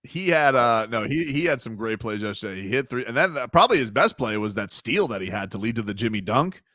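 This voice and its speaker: Animated sports radio host man. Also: mid-range voice, fast talker, dry recording, clean studio sound. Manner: animated, emphatic, jumps between loud and quiet. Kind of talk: sports talk radio chat.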